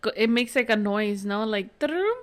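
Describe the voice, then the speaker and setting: A woman's voice: medium pitch, level tone, normal speed. A woman co-hosting a podcast, chiming in with short remarks and laughs in casual chat. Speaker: podcast co-host.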